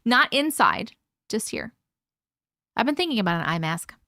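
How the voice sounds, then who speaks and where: A young woman hosts a late-night live stream, bright and a touch high in pitch. She rambles warmly to her viewers, swears without a second thought, and laughs a lot. The sound is close and dry, with no room echo. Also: very animated, normal speed. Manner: chatty, swears freely, laughs often, many "like" fillers. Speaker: livestream host. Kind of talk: casual live chat reading viewer comments.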